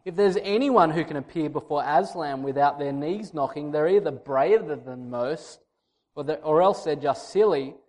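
A man's voice: on the high side, normal speed, darkish tone, long reverb tail, voice pushed down, natural voice. Homely storybook mother beaver, a man reads her, knowing and plain-spoken.

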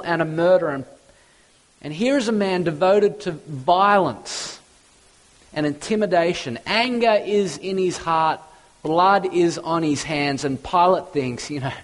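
A male preacher delivering an impassioned sermon. His voice sits a little high and he takes his time, letting each phrase land. He builds repeated lists to loud peaks, then falls to a low, hushed tone. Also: rough recording.

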